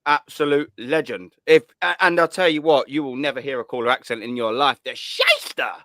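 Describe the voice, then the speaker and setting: A man's voice: mid-range voice, a little fast, a bit bright, no room sound, studio quality. A man hosting a live call-in stream, talking in blunt, laddish banter full of swearing. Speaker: host of a call-in show. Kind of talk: casual live stream chat.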